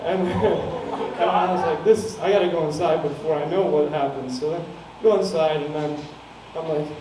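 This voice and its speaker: High-voiced young man telling a rambling story. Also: normal speed, dark tone. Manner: rambling, profane, laughing at his own story. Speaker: stand-up comedian. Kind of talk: stand-up storytelling. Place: small comedy venue. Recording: echoey room, mic heard from far off, some noise.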